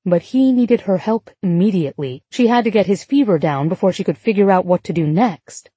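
A woman reading an audiobook in a measured, even storytelling manner on a close studio mic. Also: medium pitch, slightly rough, dry recording. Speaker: audiobook narrator. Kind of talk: scripted narration.

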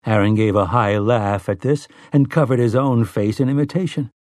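A man narrating an audiobook in a measured storytelling manner. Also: medium pitch, fairly even intonation, darkish tone, no echo, studio quality. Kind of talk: scripted narration.

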